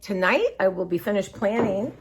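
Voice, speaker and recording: A woman's voice: mid-range voice, expressive, normal speed, a little hiss or hum. A woman vlogging in a casual, rambling way, chatty and scattered, sounding tired and emotional. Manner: scattered, chatty, says y'all often. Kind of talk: casual rambling chat to viewers.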